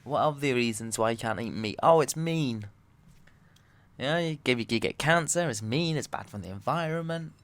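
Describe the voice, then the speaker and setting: A man, a comedian and podcast host, delivering a loud, swearing, animated comedic rant. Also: medium pitch, brisk, hardly any pauses, no room sound. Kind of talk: ranting comedic monologue.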